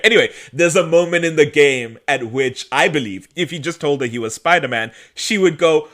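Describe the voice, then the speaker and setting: A man's voice: a little high, brisk, hardly any pauses, a bit bright. A man co-hosting a podcast, chatting casually and recapping a TV show, laughing often and acting out quotes in exaggerated voices. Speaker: podcast co-host.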